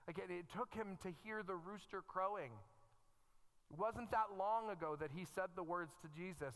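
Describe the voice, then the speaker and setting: A man's voice: sits high, lively intonation, fairly quick, a bit bright. A middle-aged man preaching a conversational sermon as a pastor, reading scripture aloud and adding self-deprecating asides. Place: church sanctuary. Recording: long church reverb.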